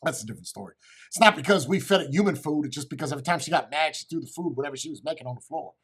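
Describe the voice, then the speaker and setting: A man's voice: on the high side, lively intonation, racing, a bit bright, breathy edge. A middle-aged man telling crude, rambling comic stories to a live chat and swearing constantly. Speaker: comedian streamer.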